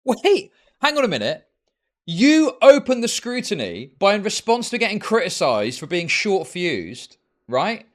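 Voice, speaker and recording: A young male streamer with a higher-than-usual voice that leaps up and down as he rants. He talks in a heated, sarcastic way and swears freely. It sounds like live commentary to his viewers. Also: wildly swooping pitch, unhurried, a bit bright. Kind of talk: ranting livestream commentary.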